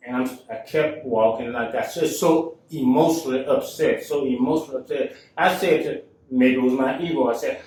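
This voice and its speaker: A man's voice: mid-range voice, a little mellow. Guy hosting a talk show, chatty and emphatic, sounds echoey and a bit far off. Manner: conversational, emphatic storyteller. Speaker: show host. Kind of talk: casual talk-show storytelling. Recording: echoey room, mic at a distance.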